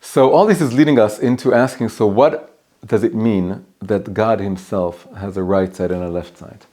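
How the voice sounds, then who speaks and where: A man teaching a class as a rabbi, animated and often restarting his sentences while telling stories. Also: on the low side, normal speed. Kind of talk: storytelling lesson. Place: private home.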